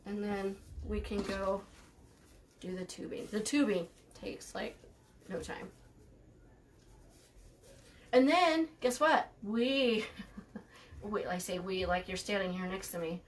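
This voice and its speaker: A woman's voice: medium pitch, lively intonation, slow pace, pauses often, slight background noise. A woman hosting a live craft tutorial, chatting casually while she works, thanking viewers by name and laughing easily with dry sarcasm. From United States.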